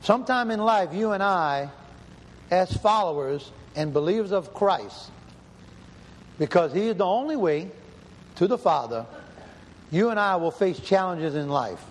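A man's voice: sits high, lively intonation, a little slow, long pauses, a little hiss or hum. A man preaching a sermon and reading scripture aloud, emphatic and questioning, often repeating himself. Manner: emphatic, repeats and rephrases, asks the room questions. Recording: hall reverb, faint ambience.

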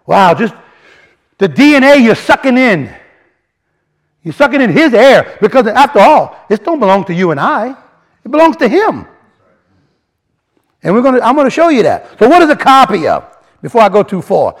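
A preacher delivers a sermon that teaches his congregation from word studies, explaining what words mean. His high voice swings widely in pitch, and he's animated, often repeating and restarting phrases, pressing on key words with rising emphasis and using colloquial grammar.

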